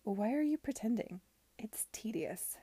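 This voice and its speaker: A proud, restless young lady read by a woman who answers in sharp little retorts. The tone is husky and gravelly underneath, recorded close and dry. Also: medium pitch, animated, moderate pace, dry recording.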